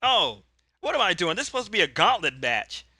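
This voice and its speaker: A man's voice: high-pitched, very animated, a little fast, pushed and bright, husky, no echo. A man narrating a solo tabletop wrestling game in a rambling, cheerful way, often correcting himself.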